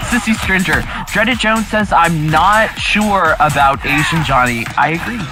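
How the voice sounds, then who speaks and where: A man co-hosting a casual live stream, reading chat comments aloud and reacting with excitable, exclamatory energy. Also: on the high side, a little slow. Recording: music playing behind the voice.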